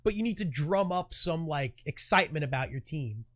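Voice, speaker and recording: Man, podcast co-host, casual chat, high voice, very lively pitch, swears freely. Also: normal speed. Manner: animated, profane, acts out quoted trash talk.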